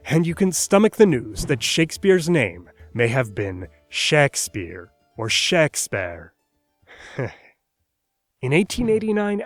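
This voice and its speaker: A man's voice: medium pitch, no room sound. A man giving scripted narration for an educational video in a playful, wry explaining manner.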